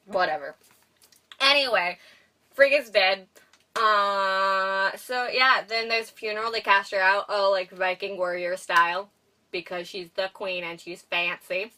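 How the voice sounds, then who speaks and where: A young woman co-hosts a podcast, giggly and rambling as she recaps a movie and imitates its characters. She keeps a steady medium pitch at a measured pace, sounding pushed and bright. Her voice is picked up from far away from the mic.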